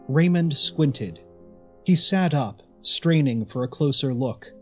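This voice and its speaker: A man narrating a story in a measured, expressive way. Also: on the high side, faint music behind. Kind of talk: audiobook narration.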